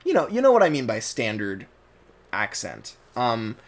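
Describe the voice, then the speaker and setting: A man's voice: mid-range voice, wildly swooping pitch, normal speed. A man with a General American accent, giving a rambling casual commentary as a YouTube reviewer, full of fillers and restarts. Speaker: YouTuber reviewing a cartoon dub.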